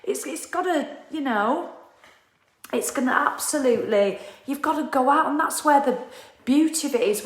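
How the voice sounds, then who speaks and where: A woman's voice: high-pitched, brisk. Ranting woman in an echoey room. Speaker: motivational vlogger. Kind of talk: casual motivational talk.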